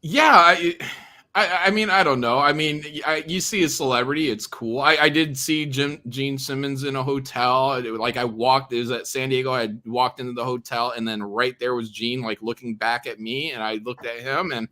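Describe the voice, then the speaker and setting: A co-host with a bright, sharp-edged voice, chatting at a middle pitch. He reacts eagerly, laughs often, and tells his own stories in quick, loose bits. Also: steady tone. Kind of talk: casual chat.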